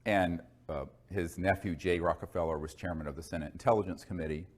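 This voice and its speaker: A man's voice: deep voice, steady tone, brisk. A man telling a long personal story in a rambling, digressive way, full of asides and fillers. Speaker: speaker recounting experiences. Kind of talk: conversational storytelling monologue.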